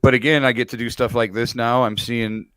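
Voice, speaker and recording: A man's voice: medium pitch, steady tone, brisk, a bit bright, clean tone, dry recording, studio quality. A man hosting a podcast, chatting casually with a guest in an easygoing, rambling way. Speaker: podcast host. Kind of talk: casual chat.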